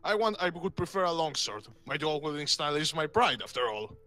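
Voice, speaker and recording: A man's voice: on the high side, big pitch swings, a little fast, sharp tone, soft background music. A man playing a tabletop game, talking in character with brash, swaggering banter. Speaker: player. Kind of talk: in-character tabletop role-play.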